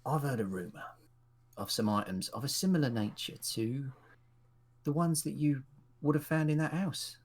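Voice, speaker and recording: Brief: male actor as a wheedling informant, conspiratorial and low. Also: moderate pace, long pauses, natural voice. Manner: conspiratorial, folksy. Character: shifty male informant, wheedling dockside gossip.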